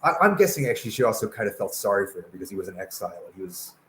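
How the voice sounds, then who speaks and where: Hesitant low-voiced man on a call. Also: very animated, racing, noisy background. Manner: hesitant, many fillers and restarts. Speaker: guest. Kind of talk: casual political discussion.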